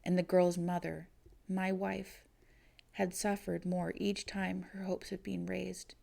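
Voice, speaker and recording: Woman doing a solemn dad, measured and reproachful, dark gravelly tone. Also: on the low side, flat delivery, full character voice. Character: grave, gentle father, stern toward an impostor.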